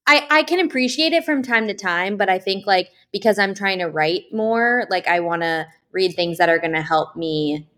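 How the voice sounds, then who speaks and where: A woman, an author appearing as a podcast guest, chats easily in a voice of average pitch. Her speech is relaxed and a little hesitant, full of "like"s. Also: moderate pace, hardly any pauses. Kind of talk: casual interview chat.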